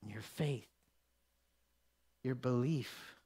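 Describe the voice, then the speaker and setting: A man preaching a sermon, acting out the people in the story and swinging from loud declarations to hushed whispers. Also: mid-range voice, very slow, creaky, slightly rough.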